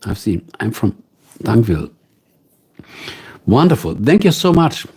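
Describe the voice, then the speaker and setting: A man with a German accent hosting a casual live stream from home, musing slowly and greeting viewers by name. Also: lowish voice, big pitch swings, warm tone, slightly rough. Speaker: livestream host.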